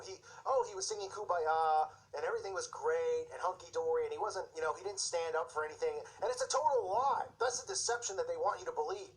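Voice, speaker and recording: A man's voice: high voice, low-quality recording. A man giving impassioned video commentary, fired up and sarcastic, slipping into mocking voices. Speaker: Christian commentator.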